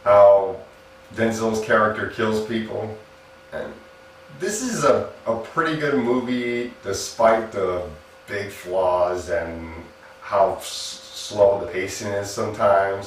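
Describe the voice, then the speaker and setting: Man, casual movie review, chatty, laughs at own jokes, lowish voice, heavy room echo. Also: slow, slight background noise. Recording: echoey room, mic at a distance.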